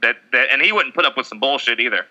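A man co-hosting casual sports talk, brash and profane, throwing in quick asides. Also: mid-range voice, animated, pushed and bright, highs cut off.

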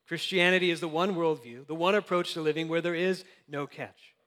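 A man's voice: a little high, fairly quick, few pauses, a bit bright, long reverb tail. Earnest young man preaching a sermon. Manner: earnest, conversational preaching with light laughs. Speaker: pastor.

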